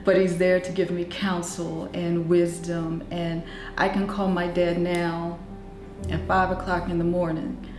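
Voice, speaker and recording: A woman's voice: fairly low pitch, level tone, measured pace, echoey room, faint music behind. Middle-aged woman telling heartfelt stories. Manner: heartfelt, storytelling, softening into emotion. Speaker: interviewee, eldest daughter. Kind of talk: documentary interview testimony.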